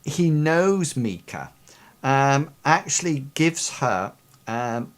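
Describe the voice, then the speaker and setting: Male game master, narrates a fantasy tabletop session, halting and rambling delivery. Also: mid-range voice, very animated. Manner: rambling, many ums and sort-of-likes.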